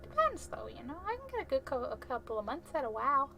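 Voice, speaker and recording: Bright-voiced woman streamer, chatty and jokey. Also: sits high, very animated, fast talker, creaky. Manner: chatty, jokey, swears freely, laughs often. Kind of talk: casual gameplay commentary.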